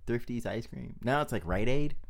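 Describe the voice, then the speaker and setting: A man's voice: mid-range voice, expressive, quick pace, vocal fry. A young man, a comedian guest on a podcast, telling family stories in casual chat, laughing often and acting out the people he quotes.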